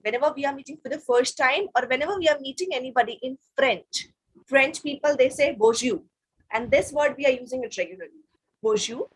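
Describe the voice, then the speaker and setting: Over a video call, a woman with an Indian English accent leads an online French class for kids. She patiently repeats phrases for them to say back, in a high, husky voice.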